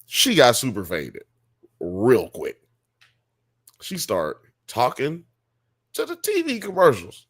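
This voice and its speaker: A man from Alabama, co-hosting a casual TV review chat in an animated, profane way. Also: mid-range voice, slow, pauses often, breathy edge. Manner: animated, profane, acts out characters. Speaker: podcast co-host.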